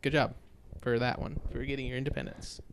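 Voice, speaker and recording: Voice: medium pitch, big pitch swings, a little fast, vocal fry, a little hiss or hum. A podcast co-host in casual chat, talking in a loose, rambling way, blunt and swearing freely.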